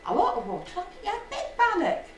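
Scottish woman as a brisk Scottish mother striking a deal; quick, lively, roomy echo. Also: mid-range voice, slight background noise, natural voice. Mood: bargaining. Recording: echoey room from far off.

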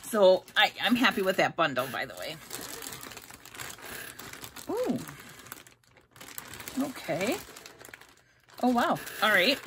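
A woman's voice: mid-range voice, very animated, slow pace, long pauses, a bit bright, slight background noise. A middle-aged woman chatting casually as she unboxes beauty products, reading labels aloud and stumbling over ingredient names. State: hiccups. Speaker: unboxing vlogger.

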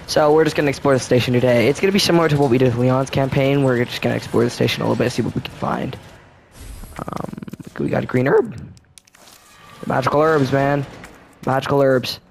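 A man's voice: mid-range voice, fairly even intonation, quick pace, gravelly, a little mellow, a little hiss or hum. A man hosting a casual let's play commentary, rambling and laid-back with lots of filler words. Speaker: gaming channel host.

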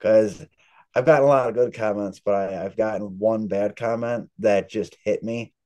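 A man's voice: on the low side, steady tone, moderate pace, warm tone. A man being interviewed as an author, telling long, rambling stories in a casual chat. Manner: chatty, rambling storyteller. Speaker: author guest.

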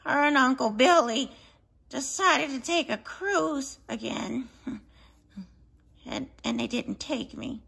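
Woman doing a cheeky mooching boy, gravelly, high, slow deadpan drawl, comedy sketch. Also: heavily acted.

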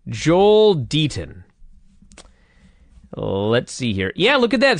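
A man co-hosting a podcast, chatting about old wrestling in a jokey, animated way. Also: fairly high pitch, slow pace, pauses often, dry recording. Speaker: podcast co-host. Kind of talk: casual wrestling review chat.

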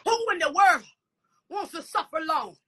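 A woman preaches a fervent sermon in a high, bright, ringing voice. She keeps calling out "come on" and "hallelujah" and slips into breathy whispers between her lines. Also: animated, moderate pace.

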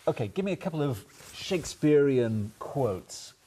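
Lively-voiced male news reporter. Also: medium pitch, measured pace, breathy edge.

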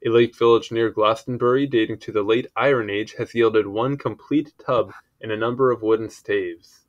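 A man's voice: on the low side, steady tone, moderate pace, dull audio. A man reading an encyclopedia article aloud in a casual way, stumbling over words and adding offhand asides. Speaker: article reader.

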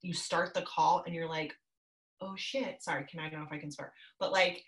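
A woman's voice: deep voice, fairly even intonation, fast talker, a bit bright, roomy sound, low-quality recording. A woman in her thirties, a business coach, giving upbeat, chatty advice over a video call from her home office.

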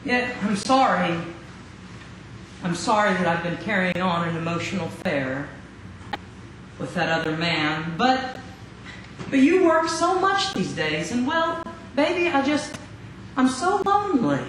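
A man's voice: big pitch swings, measured pace, pauses often, a bit bright, full character voice. A man playing a sheepish person pleading excuses, with an apologetic, whiny manner, in a very echoey sanctuary. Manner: apologetic, pleading, rising pitch. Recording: very echoey sanctuary, faint noise.

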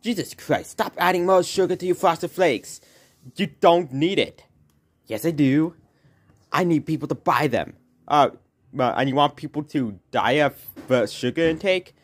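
A man's voice: fairly high pitch, a little slow. A young man performing a comedy skit in his own voice, bickering and sarcastic.

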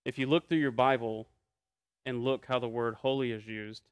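Deliberate male pastor preaching, smooth voice. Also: medium pitch, fairly even intonation, no room sound. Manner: measured, deliberate preaching with emphatic repetition. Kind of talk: sermon. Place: church.

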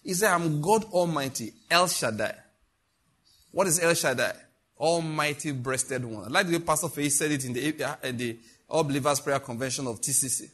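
Husky-voiced man preaching a sermon. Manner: emphatic preaching, often slowing down to recite scripture; rising to high, loud exhortation. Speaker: pastor. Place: church service, streamed.

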